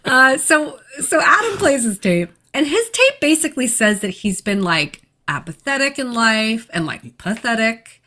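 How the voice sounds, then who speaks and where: A woman's voice: fairly high pitch, sing-song, measured pace, bright, forceful tone. A woman co-hosting a casual podcast, recapping a horror movie plot in a chatty way with fillers and frequent laughs. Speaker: podcast co-host.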